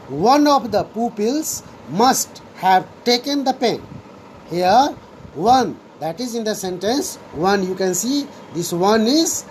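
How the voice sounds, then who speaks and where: A woman's voice: on the high side, darkish tone, a little hiss or hum, low-quality recording. A woman teaching a grammar lesson to students, going over each definition again and again and returning often to "here" and "so students". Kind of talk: slow classroom lesson.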